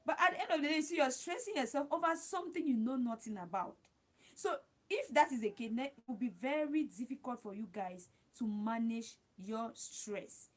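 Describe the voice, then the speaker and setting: A woman hosting a live stream, giving chatty, repetitive advice and talking straight to her viewers. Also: a little high. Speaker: livestream host.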